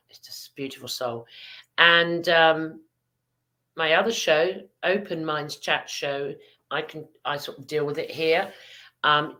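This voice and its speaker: Low, bright-toned woman chatting online. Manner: hesitant, many "um"s, playful. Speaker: podcast host guest. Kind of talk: casual online conference chat. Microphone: video call mic.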